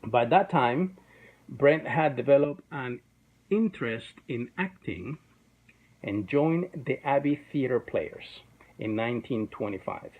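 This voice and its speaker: A man's voice: medium pitch, animated, slow, narrow, tinny audio. A man hosting an online show in a chatty, self-deprecating way, with many fillers. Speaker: host. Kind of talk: casual YouTube show.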